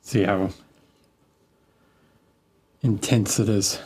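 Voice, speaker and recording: A man's voice: medium pitch, a little slow, darkish tone. A man chatting casually and joking with viewers while painting a miniature on a live stream. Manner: joking, chatty, restarts sentences.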